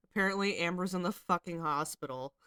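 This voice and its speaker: A woman host gives casual commentary while reading out messages, chatting in a loose, profane way with frequent fillers. Her voice sits a little low and sounds smooth and clear. The recording is close and dry, with no room echo. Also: a bit bright. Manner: chatty, swears freely, lots of "like" fillers.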